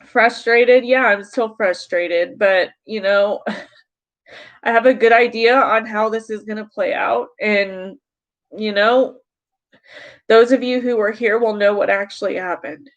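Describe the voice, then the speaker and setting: A woman's voice: mid-range voice, fairly even intonation, takes it slowly. Tearful congested woman on a livestream. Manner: tearful, frustrated, talking to chat. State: congested from crying. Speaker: YouTuber on a livestream. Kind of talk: emotional livestream talk to chat.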